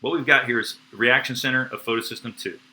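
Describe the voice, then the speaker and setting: Excitable teacher, bright tone. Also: male voice, mid-range voice, fast talker, poor audio. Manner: excitable, slangy, playful sound effects. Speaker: biology teacher. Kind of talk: enthusiastic live-streamed lecture.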